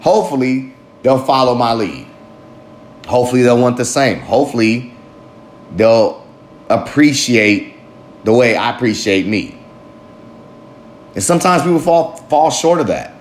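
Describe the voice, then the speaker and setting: A man in a candid personal monologue, wandering from thought to thought with plenty of swearing and self-mocking laughter. His voice sits at an ordinary middle pitch. It bounces around a roomy space, with a faint ambient hum underneath. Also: lively intonation, a little slow, pauses often. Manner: rambling, profane, self-reflective, laughs often.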